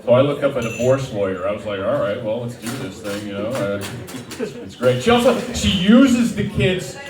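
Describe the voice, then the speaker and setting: A middle-aged man doing a stand-up set in a small dive bar, talking in a rambling, self-deprecating way with halting restarts. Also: medium pitch, sing-song, far from the mic, over music. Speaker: stand-up comedian. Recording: roomy bar sound from off-mic with audience. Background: crowd laughter.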